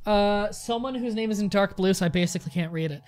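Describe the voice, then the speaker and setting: A woman's voice: mid-range voice, quick pace, a crowd in the background. Laughing, swearing woman streamer. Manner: rambling, profane, laughs often. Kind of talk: casual gaming stream chat.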